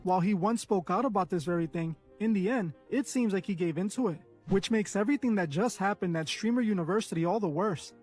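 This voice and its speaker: A man's voice: high-pitched, quick pace, hardly any pauses, darkish tone, faint music behind. A man narrating a scripted commentary recap of online drama.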